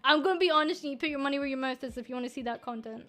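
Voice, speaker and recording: A woman's voice: sits high, rapid-fire, sharp tone, faint music behind. A woman with a Scottish accent who runs a VTuber agency, answering viewer questions in a casual livestream. She talks frankly and jokingly, with plenty of fillers and restarts.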